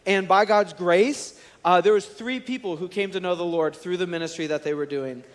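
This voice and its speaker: A man in his thirties, a college and students director, preaches in a large church auditorium. He tells stories in a lively, conversational way, and his voice sits on the higher side for a man. A long reverb trails each phrase through the hall. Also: moderate pace. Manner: storytelling, animated and conversational. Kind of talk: sermon.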